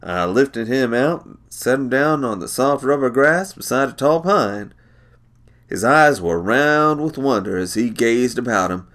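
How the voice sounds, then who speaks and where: A man reading a short story aloud, measured and unhurried. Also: mid-range voice, fairly bright tone.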